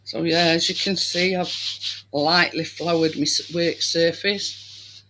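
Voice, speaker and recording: A woman's voice: lowish voice, fairly even intonation, slow pace, noisy background. A woman hosting a home baking video, chatting casually to viewers while she works and saying "me" for "my". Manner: uses dialect "me" for "my".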